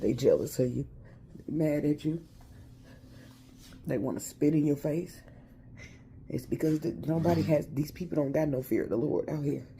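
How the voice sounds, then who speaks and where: A man vents about his spiritual journey in a reflective, repetitive way. His voice is gravelly and dark. A faint hiss of noise sits behind him. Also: on the high side. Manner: reflective, repetitive, street-slang religious talk. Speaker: vlogger. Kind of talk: emotional spiritual venting monologue.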